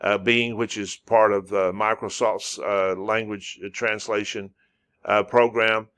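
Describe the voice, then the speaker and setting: A man teaching a casual spoken lesson as a non-native speaker. He repeats syllables slowly and uses many fillers. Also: lowish voice, level tone, fairly bright tone, smooth. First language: English. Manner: repetitive, drawn-out demonstrations of syllables with frequent fillers. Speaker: language teacher.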